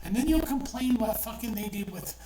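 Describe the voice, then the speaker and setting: A woman's voice: on the high side, lively intonation, fairly quick, dark tone. A middle-aged woman delivering an angry, profane rant as an online commentator, heated and repetitive. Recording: echoey room, distant from mic, faint noise.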